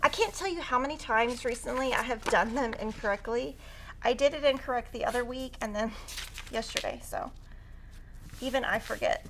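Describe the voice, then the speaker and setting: Bright, chatty woman teaching quilting. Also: fairly high pitch, a little fast, slight background noise. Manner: chatty and upbeat, talking while cutting fabric. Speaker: quilting instructor. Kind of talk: live-stream sewing tutorial.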